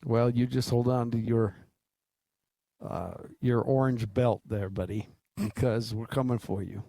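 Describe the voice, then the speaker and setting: Male sports radio co-host, teasing banter, mid pitch, dry studio sound. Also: steady tone, unhurried, gravelly, mellow, dry recording. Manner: wisecracking, teasing. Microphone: studio microphone.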